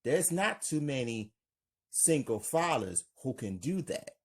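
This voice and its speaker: A man reading as a calm woman lawyer. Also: medium pitch, slow, breathy edge, exaggerated voice. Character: calm adult woman lawyer, friendly guest.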